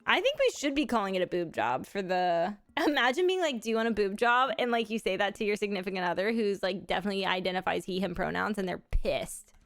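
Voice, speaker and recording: A woman's voice: medium pitch, very animated, fast, few pauses, soft background music. A woman chatting casually on a live game stream, giggling often and making crude jokes. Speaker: livestream gamer.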